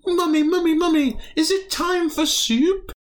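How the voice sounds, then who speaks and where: A man's voice: very high voice, unhurried, voice pushed up. A man voicing a small tentacled alien girl who squeals and whines. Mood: eager. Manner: squealing, whiny.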